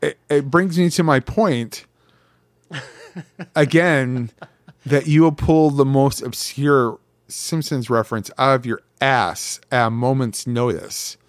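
Slow, teasing man on a podcast. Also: mid-range voice, dry recording, clean studio sound. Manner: teasing, halting with many fillers. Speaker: podcast co-host. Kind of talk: casual podcast chat.

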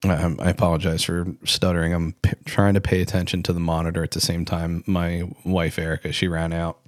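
A man's voice: low-pitched, level tone, brisk, no echo, clean studio sound. A man in his thirties hosting a solo podcast, telling stories in a rambling, self-correcting way. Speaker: podcast host. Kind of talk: casual solo podcast talk.

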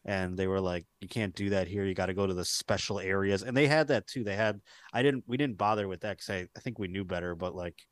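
A man's voice: low voice, fast talker, few pauses, dry recording. A man co-hosting a podcast in loose, profane, rambling casual chat, often acting out quotes. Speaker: podcast co-host.

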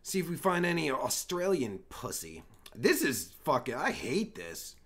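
A man hosting a livestream, trolling strangers on video chat in a crude, mocking way with loud bursts of laughter. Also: mid-range voice, very animated, measured pace, husky. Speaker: livestream host.

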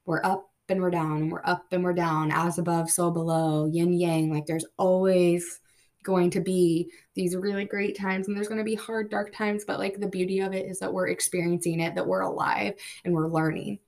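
A woman's voice: fairly low pitch, little pitch movement, moderate pace, darkish tone. A woman hosting a podcast, telling a personal story in an earnest, emotional way with many fillers. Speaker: podcast host.

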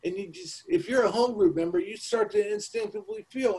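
Man, high voice, casual emphatic podcast co-host, swears freely. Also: huge pitch swings, brisk, vocal fry, a little mellow, poor audio. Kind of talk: casual recovery talk.

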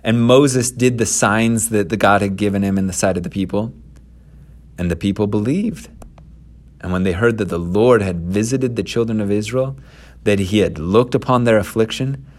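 A man retelling a scripture story in a casual, conversational way and adding his own commentary. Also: lowish voice. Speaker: scripture teacher.

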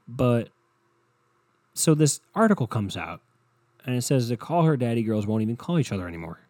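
A man's voice: on the low side, mellow, dry recording. A young man hosting his own podcast, ranting bluntly and rambling with lots of swearing. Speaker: podcast host. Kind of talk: solo podcast rant.

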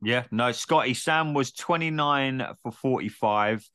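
A man's voice: mid-range voice, measured pace, a bit bright, clear, resonant tone, no echo, clean studio sound. A man hosting a casual sports podcast, chatty and swearing casually, with many filler words. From Britain. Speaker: podcast host.

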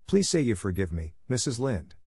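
A man's voice: fairly low pitch, sing-song, normal speed, a little mellow, breathy edge, no room sound, heavily acted. A man voicing an imaginative, dramatic young orphan girl who pleads earnestly and theatrically. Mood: pleading. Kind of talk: audiobook character reading.

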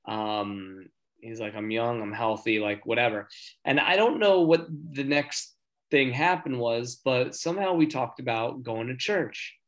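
A man telling a story in casual chat, earnest and rambling, getting excited as he talks. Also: mid-range voice, measured pace. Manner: earnest, excitable when talking faith; rambling with many fillers and restarts.

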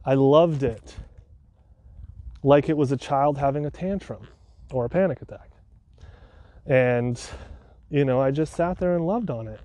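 Earnest, mellow-voiced man podcasting. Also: medium pitch, moderate pace, pauses often, no echo. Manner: earnest, heartfelt, with sighs. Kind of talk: emotional personal storytelling.

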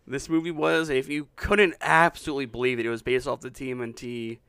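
Gravelly, stammering young man. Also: medium pitch, fairly even intonation, brisk, fairly bright tone. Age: 20s. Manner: stammering, laughs often. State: tired. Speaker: podcast co-host. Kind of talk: casual chat.

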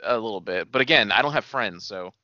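Man, casual podcast chat, lively pitch, dry close mic. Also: a little fast, no echo, dull audio. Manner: dry, recapping the plot, swearing. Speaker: podcast co-host.

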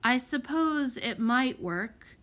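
A woman's voice: on the high side, unhurried, fairly bright tone. A woman voicing a cautious, hesitant young boy. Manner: hesitant, careful.

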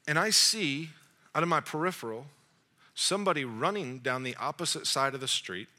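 A man's voice: a little high, normal speed. A man in his forties preaching to young adults, telling a story with jokes and acting out the dialogue. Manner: animated, jokey storyteller, acts out dialogue. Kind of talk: storytelling sermon.

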